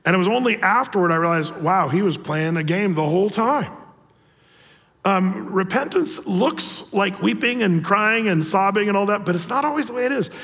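A man's voice: high-pitched, animated, moderate pace, a bit bright. A man in his sixties, a pastor, preaching a sermon in a conversational storytelling manner. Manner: conversational, storytelling, acts out quotes. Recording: long reverb of a large hall.

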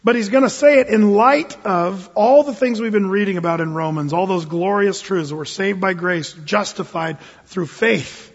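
A man's voice: sits high, moderate pace, hardly any pauses, breathy edge. A man preaching a sermon as pastor, earnest and emphatic, often asking his listeners questions. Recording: dull sound with long hall reverb.

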